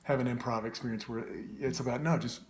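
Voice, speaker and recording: A man hosting a live interview, asking thoughtful questions with many restarts and pauses. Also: mid-range voice, steady tone, a little hiss or hum. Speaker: host.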